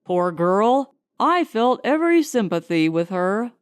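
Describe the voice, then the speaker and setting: A woman voicing a calm, polite male householder in close to her own voice. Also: mid-range voice, unhurried, smooth, no room sound. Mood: courteous.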